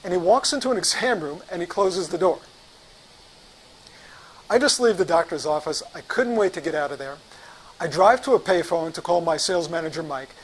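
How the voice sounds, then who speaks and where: A man teaching sales, telling an animated story as a lesson. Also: on the high side, a little fast, slight background noise, low-quality recording. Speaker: sales trainer.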